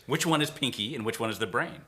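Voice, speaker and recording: A man's voice: mid-range voice, fast, bright, forceful tone. A man co-hosting a casual live Q&A, reading viewer questions out of the chat with wry, teasing banter.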